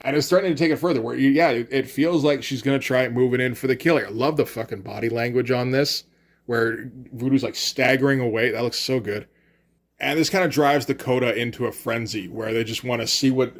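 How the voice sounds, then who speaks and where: A man giving a loose, casual comic book review, acting out lines of dialogue and swearing freely. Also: medium pitch.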